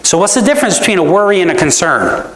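Lively, echoey preacher in a church. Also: medium pitch, fast, a little hiss or hum. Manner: conversational preaching, asks the audience "right?" often; emphatic, with rhetorical questions. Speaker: pastor. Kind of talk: sermon. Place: church sanctuary. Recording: roomy church echo.

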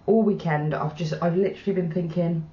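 A woman hosting a reaction video, giving live commentary full of swearing and emotion, moving from hushed murmurs to excited shrieks. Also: fairly low pitch, a little fast. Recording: dull, roomy home recording.

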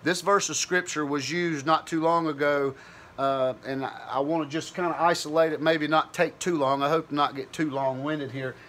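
A man's voice: fairly high pitch, steady tone, moderate pace, a bit bright, a little hiss or hum. A man giving an informal Bible teaching, thinking aloud in a conversational, searching way with frequent restarts.

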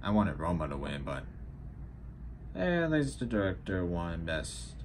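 A man's voice: low-pitched, big pitch swings, a little slow, slight background noise. A teenage boy vlogging casually about upcoming films, rambling with frequent restarts. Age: teens. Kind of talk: casual vlog commentary.

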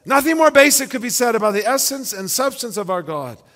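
High-voiced preacher man in a reverberant hall. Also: lively intonation, fairly quick, a bit bright. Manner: emphatic, rhetorical questions, repeats words while building points. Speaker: pastor. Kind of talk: sermon. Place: church sanctuary. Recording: long church-hall reverb.

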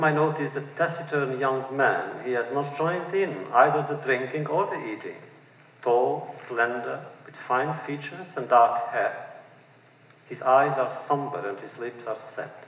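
A man reading aloud from his own novel to an audience, measured and expressive, lifting his voice for the quoted speech. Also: medium pitch, slight background noise. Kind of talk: literary reading before an audience. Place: large auditorium. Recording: distant mic in a reverberant hall.

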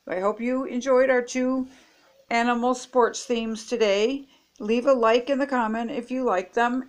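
An older woman reading a children's picture book aloud, slow and unhurried. She is expressive and playful, acting out the sound effects as she reads. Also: a little high. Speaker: storybook reader.

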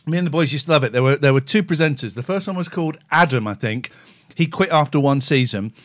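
A man hosting a comedy talk show, his pitch leaping around as he rants with mock outrage. He sits a touch higher than most men. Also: fast talker. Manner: animated, mock-indignant ranting. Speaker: host. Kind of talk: comic chat, mock rant.

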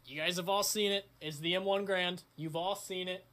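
High, bright-voiced young man swearing excitedly. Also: fairly quick. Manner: crude, excitable, swears a lot. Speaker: channel host. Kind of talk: casual vlog chat.

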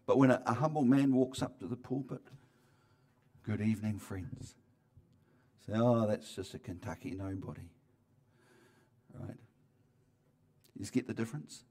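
Preaching in church with a mid-range voice, this pastor keeps a conversational tone. He often starts over mid-thought and shifts back and forth between loud, emphatic moments and quiet asides.

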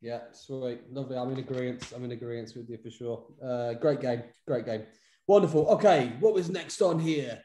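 A man's voice: mid-range voice, moderate pace, dark tone. A man hosting a casual chat, hesitant and often repeating his words as he goes. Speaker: podcast host. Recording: roomy echo.

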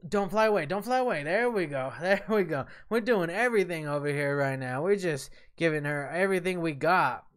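A man streaming a game live, tipsy and swearing loudly at the boss as he comments on his play. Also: on the high side, lively intonation, a little fast, hardly any pauses, smooth. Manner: profane, yelling and cursing at the game. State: tipsy from drinks and smoking.

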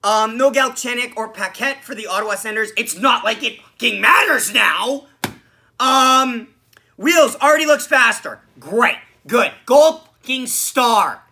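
Frustrated, sharp-voiced hockey ranter. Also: male voice, very high-pitched, a little slow. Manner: animated, swearing, frustrated, sarcastic. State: losing his voice from screaming. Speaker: podcast host. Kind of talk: solo sports reaction rant.

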